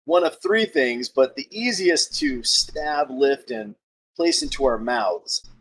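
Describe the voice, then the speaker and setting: Swooping, theatrical tabletop player. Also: female voice, expressive, slow pace, husky. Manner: mock-grand speech, swooping pitch. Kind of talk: in-character tabletop role-play.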